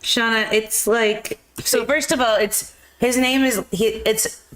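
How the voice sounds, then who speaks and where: A woman's voice: on the high side, fairly even intonation, slow pace, fairly bright tone. Chatty woman rambling through a movie recap. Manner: rambling, laughing retelling with filler words. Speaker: podcast co-host. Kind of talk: casual movie chat.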